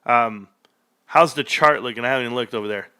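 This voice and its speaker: A male livestream host reacting excitedly to an earnings report, reading figures aloud and bursting into shouts. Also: medium pitch, fast talker, clear, resonant tone, dry recording, studio quality. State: out of breath.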